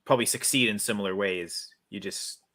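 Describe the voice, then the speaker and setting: A man on a podcast panel, talking casually and thinking out loud, hedging his picks with lots of "like.". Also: on the low side, fairly quick. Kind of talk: casual chat.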